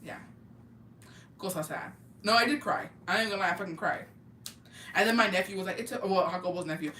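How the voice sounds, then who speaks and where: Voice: medium pitch, brisk, pauses often, recorded from a distance, a little hiss or hum. A young adult, chatting casually on a podcast and telling stories with lots of swearing, slang and Spanish words. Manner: profane, animated storytelling with slang and Spanish words. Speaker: podcast co-host. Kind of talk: casual chat. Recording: roomy, off-mic with faint ambience.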